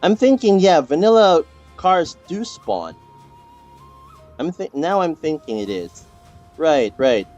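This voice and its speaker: A man's voice: fairly high pitch, very animated, takes it slowly, long pauses, darkish tone, highs cut off, soft background music. A young man streaming a game, chatting casually with teammates, rambling and repeating himself with lots of fillers and restarts. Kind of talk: casual gameplay chat with teammates.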